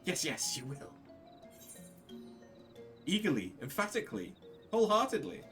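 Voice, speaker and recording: A cowering little kobold frets and pleads, repeating itself as its voice climbs into high, panicky wails, as a man reads the game lines aloud. The delivery swings widely in pitch. Faint music plays underneath. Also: wildly swooping pitch, normal speed, a bit bright, recorded from a distance. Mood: pleading. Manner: repetitive, wailing, pleading, pitch jumping high. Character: fretful cowering kobold, male, small. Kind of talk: reading game dialogue aloud.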